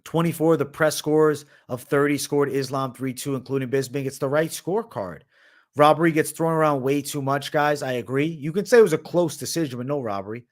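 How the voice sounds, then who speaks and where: A man's voice: on the high side, a little fast. Slangy man reading chat questions aloud. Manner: reads chat questions aloud and answers with blunt opinions; slangy, says bro and man often. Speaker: livestream host answering viewer questions. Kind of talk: casual livestream chat.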